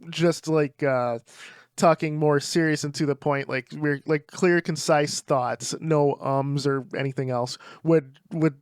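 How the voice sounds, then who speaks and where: A young man co-hosts a casual podcast. His voice is smooth and resonant and sits a touch high. The sound is dry and close, and he talks in quick, animated bursts full of restarts. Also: no room sound. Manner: animated, frequent restarts and repeated words. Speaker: podcast co-host. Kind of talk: casual chat.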